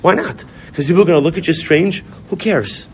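Animated man teaching in shul. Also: fairly high pitch, a little fast, slight background noise. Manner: animated, repetitive, mixes Hebrew and Yiddish terms. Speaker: rabbi. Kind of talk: informal Torah class.

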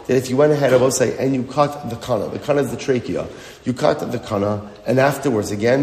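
A man's voice: medium pitch, a little mellow. Emphatic man teaching Talmud, echoey hall. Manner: emphatic, repeats phrases and asks rhetorical questions. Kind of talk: Talmud lesson explanation. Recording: echoey hall with long reverb.

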